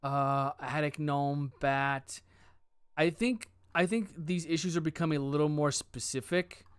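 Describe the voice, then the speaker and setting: A man's voice: a little high, steady tone, a little slow, clean tone, no echo, clean studio sound. A man giving casual let's-play commentary, thinking aloud, hedging and joking as he works through cases. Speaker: game streamer.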